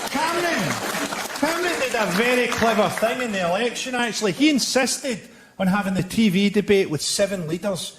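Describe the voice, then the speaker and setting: A man performing a stand-up routine with a deadpan, biting delivery. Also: high voice, normal speed, crowd noise, background noise. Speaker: stand-up comedian. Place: theatre stage with audience. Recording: live show with loud audience laughter.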